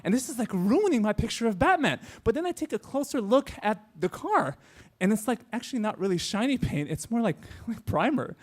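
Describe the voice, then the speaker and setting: Storyteller, male, young adult, higher-pitched voice, chatty and filler-heavy. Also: sing-song, fairly quick. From Mexican-American. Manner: chatty, many "like" fillers and restarts. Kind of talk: live storytelling on stage.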